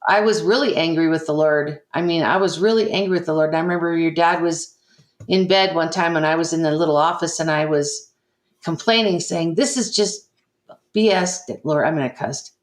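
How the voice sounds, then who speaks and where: An older woman, a guest in an interview, earnestly tells a personal story and acts out the people in it. She quotes their dialogue with emotion. Her voice is low-pitched and fairly quick, and the room echoes.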